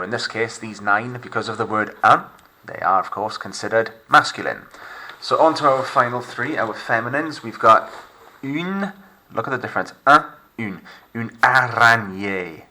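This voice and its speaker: Bright-voiced Welsh teacher. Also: male voice, mid-range voice. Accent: Welsh English. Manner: slow, clear modelling of words for repetition. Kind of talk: recorded remote lesson.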